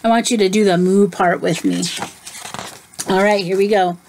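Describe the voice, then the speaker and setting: A woman teacher reading a picture book aloud to children, slowly explaining and asking them questions. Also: medium pitch, darkish tone, slight background noise.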